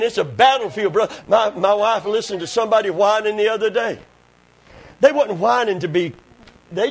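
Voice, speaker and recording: A man preaching a sermon, dropping to quiet, intimate talk and rising to shouted praise. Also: sits high, husky, poor audio.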